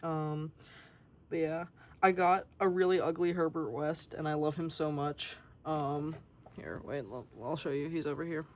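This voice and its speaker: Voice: mid-range voice, fairly even intonation, a little slow, a little hiss or hum. A young adult artist giving a casual, rambling tour of a sketchbook and swearing freely along the way.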